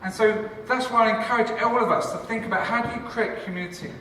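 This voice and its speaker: Bright-voiced Englishman joking in an echoey hall. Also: sits high, fast talker, recorded from a distance, slight background noise. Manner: enthusiastic, joking, chatty with the audience. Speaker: church leader and cafe founder. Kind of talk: conference talk to a live audience. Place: large conference hall.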